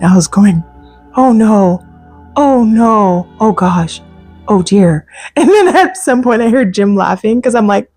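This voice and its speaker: A woman hosting a casual solo podcast, chatty and animated, laughing often and saying "like" a lot. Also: on the low side. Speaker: podcast host. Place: home.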